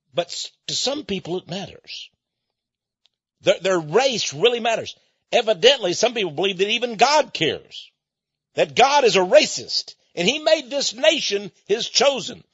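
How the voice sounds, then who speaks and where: A man's voice: high voice, fairly bright tone, husky, no room sound. An American man hosting a radio show, lecturing in an emphatic, folksy monologue and repeating his key points. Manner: folksy and conversational, with chuckles. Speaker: radio host. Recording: dull lo-fi dry recording.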